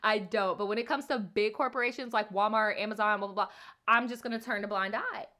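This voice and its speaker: Woman doing a storytime livestream, bright voice, sassy and cussing a lot, lots of slang. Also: mid-range voice, fairly quick. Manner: sassy, profane, animated commentary with slang. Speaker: storytime host reading viewer stories. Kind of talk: casual livestream storytime chat.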